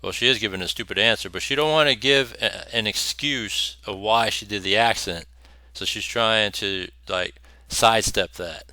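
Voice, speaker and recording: Guy ranting on his channel, bright crisp voice, dry close sound, swears a lot. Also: fairly low pitch, moderate pace, no echo. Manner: blunt, profane, laughing scornfully. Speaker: host. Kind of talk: opinionated commentary over clips.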